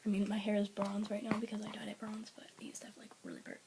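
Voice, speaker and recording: A woman vlogger talking casually to her viewers, rambling with many fillers and often slipping into a breathy half-whisper. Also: mid-range voice, completely flat delivery, fast talker. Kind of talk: casual talk to camera. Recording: clear background hiss with clicks.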